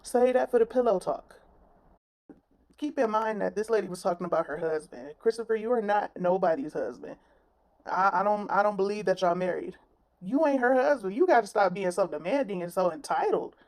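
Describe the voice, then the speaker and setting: A woman's voice: medium pitch, lively intonation, a little fast, darkish tone. A woman giving blunt, sassy reaction commentary on a clip, with plenty of slang. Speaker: commentary vlogger.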